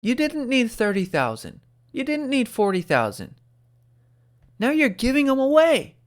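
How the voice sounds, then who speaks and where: A man hosting an opinionated commentary show, animated and sarcastic, talking close to the microphone. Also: extremely high pitch, unhurried. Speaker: host.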